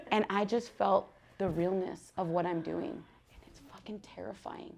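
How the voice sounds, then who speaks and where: Woman in her 30s chatting candidly at a book talk, goes from hushed to loud bursts, laughs a lot. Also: mid-range voice, moderate pace, gravelly. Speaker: guest author speaking at a book talk. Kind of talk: casual live talk to an audience.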